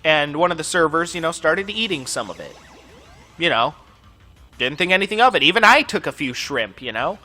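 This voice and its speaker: A man's voice: a little high, very animated, moderate pace, bright, forceful tone, faint music behind. A man hosting a gaming channel, telling a long personal story over gameplay in a casual, profane, ranting way full of filler words.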